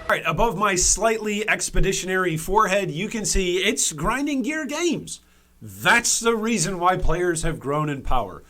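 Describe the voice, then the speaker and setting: A man's voice: high voice, very animated, moderate pace, sharp tone. A man hosting a gaming commentary video, speaking emphatically and repeating key points for stress, with frequent restarts and fillers.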